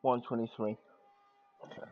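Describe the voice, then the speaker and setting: A man's voice: medium pitch, little pitch movement, moderate pace. Laid-back teasing streamer man, lo-fi mic. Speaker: racing game streamer, channel host. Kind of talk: casual gaming banter. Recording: dull lo-fi mic.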